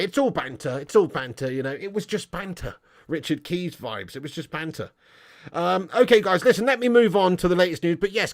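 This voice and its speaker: A man hosting a football livestream, reading out super chats with mocking banter full of "mate" and "lad". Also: high-pitched. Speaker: football channel livestream host.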